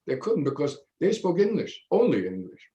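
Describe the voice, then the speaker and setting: Elderly man with a mother tongue, halting. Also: on the high side, wildly swooping pitch, mellow, roomy sound, dull audio. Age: 90s. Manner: halting, measured storytelling with many pauses. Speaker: Holocaust survivor speaking to students. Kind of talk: personal testimony in a video Q&A. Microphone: video call.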